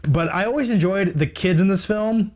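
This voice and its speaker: A man's voice: high-pitched, normal speed, a little mellow. A man showing his movie collection in a casual, unscripted video, rambling with enthusiasm and poking fun at himself. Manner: rambling, enthusiastic, self-mocking.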